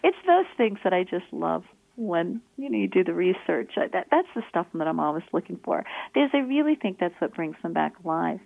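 A woman's voice: lowish voice, big pitch swings, a little fast, gravelly, hardly any pauses. A woman author, earnest and enthusiastic, answering interview questions and reading a passage from her book aloud, over a phone-like line. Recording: dry tinny phone-like line.

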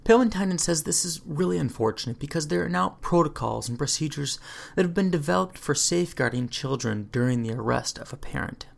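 A podcast host reading scripted narration between interview clips in an even delivery. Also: medium pitch, brisk, gravelly.

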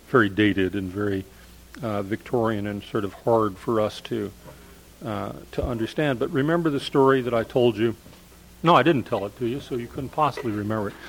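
An older man, a professor of English literature, gives a discursive storytelling lecture full of fillers. His voice is lowish and creaky, and the recording is low quality.

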